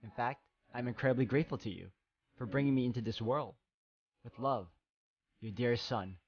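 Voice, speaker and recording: A man voicing a gentle, persecuted young man in a video game, reading formally and slowly. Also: medium pitch, close to an everyday voice. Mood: solemn. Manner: slow, solemn, formal reading. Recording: slightly dull, muffled sound.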